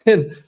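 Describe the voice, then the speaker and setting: In a casual interview, a football analyst in his sixties tells chatty, rambling anecdotes, restarting sentences and chuckling along the way. His voice has a darkish tone.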